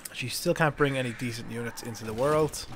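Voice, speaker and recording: An Irish man streaming a strategy game at home, chatting casually with viewers, laughing often and thinking aloud. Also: mid-range voice. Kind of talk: casual live-stream chat. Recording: noisy background.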